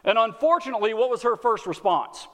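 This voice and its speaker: A man's voice: very high voice, animated, fast, fairly bright tone. A man with a Texan accent preaching a sermon in a folksy, earnest way, often repeating words as he speaks. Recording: long hall reverb.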